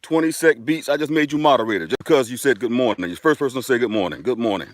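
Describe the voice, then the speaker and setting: A man's voice: mid-range voice, fast talker, no room sound, clean studio sound. A man hosting a casual live stream outdoors, chatting upbeat and directly to his viewers while walking a dirt road.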